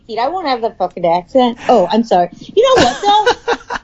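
A woman's voice: a little high, sing-song, normal speed, darkish tone, slightly rough, muffled recording. A woman in her thirties, a podcast co-host in casual chat, blunt and swearing, laughing often. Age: 30s.

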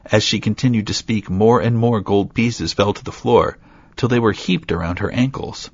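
A man with a very deep, gravelly voice reads a fairy tale aloud, steady, with light asides. His tone is husky rather than clear. The recording is dry, close and dull, with little top end. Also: normal speed, no room sound. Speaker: storyteller.

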